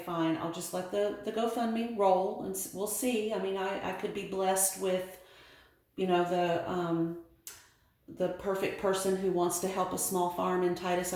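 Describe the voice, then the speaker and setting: A woman's voice: fairly low pitch, a little mellow. A middle-aged woman from the American South with a Southern accent, casually showing her sewing projects and rambling with many ums and restarts. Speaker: sewing vlogger. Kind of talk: casual show-and-tell vlog. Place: home sewing room. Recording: very echoey room.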